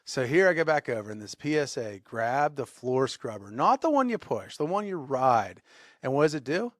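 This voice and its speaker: A man co-hosting a podcast, telling a workplace story in a lively way and acting out the shouting. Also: mid-range voice, moderate pace, no echo, studio quality. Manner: animated storyteller, acts out shouted quotes. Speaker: podcast co-host. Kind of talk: casual storytelling.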